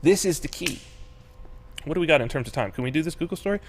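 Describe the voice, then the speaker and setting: A male talk-show host with a fairly high voice that leaps around in pitch. He talks casually and animatedly, drops in swear words, and slips into exaggerated voices to act out other people. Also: lively intonation, fast, slight background noise.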